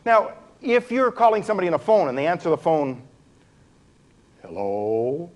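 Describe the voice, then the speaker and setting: Animated man teaching a live workshop. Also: fast. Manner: animated, demonstrates voices and postures, shifts pitch and pace. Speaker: workshop presenter. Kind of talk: live workshop talk to a room. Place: room with a live audience.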